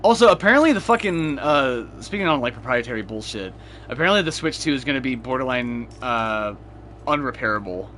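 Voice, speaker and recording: Bright-voiced young man telling profane stories. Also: mid-range voice, expressive, a little fast, a little hiss or hum. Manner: profane storytelling, laughs often. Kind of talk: casual gaming chat.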